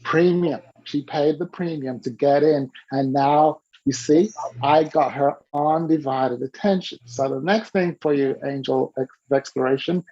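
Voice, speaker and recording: A man coaching a listener through an animated story, acting out the quoted dialogue with lively shifts in his voice. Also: on the high side, unhurried. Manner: coaching tone, tells the listener to repeat key rules. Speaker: business coach. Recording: dull lo-fi recording.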